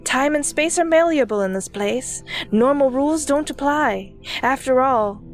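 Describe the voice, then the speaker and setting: A woman's voice: high voice, animated, unhurried, soft background music. A woman voicing a pompous elderly man with a British accent who claims to be God. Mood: haughty. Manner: smug, self-important, condescending.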